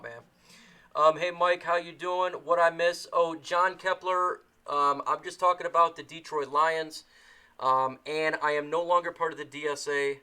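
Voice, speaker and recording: A man's voice: on the high side, pushed and bright, clear, resonant tone. A man hosting a casual live sports stream, tired after a long day, emotional and repeating his phrases. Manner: emotional, repeats himself, ends lines with "man". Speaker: sports channel host.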